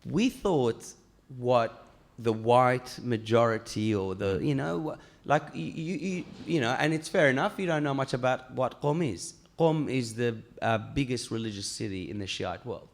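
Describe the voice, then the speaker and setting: A man's voice: medium pitch, normal speed. A man who grew up in Iran, speaking as a guest on a panel at a public talk, telling stories animatedly with many fillers and restarts. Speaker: author guest. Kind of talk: panel discussion.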